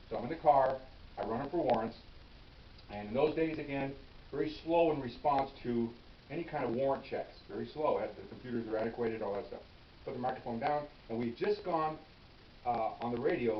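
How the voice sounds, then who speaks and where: Fast-talking older man telling a cop story. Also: medium pitch. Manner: conversational, acts out dialogue, frequent "okay?" asides. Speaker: retired police officer telling stories. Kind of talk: casual anecdote storytelling. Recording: roomy, distant, dull lo-fi sound with faint hiss.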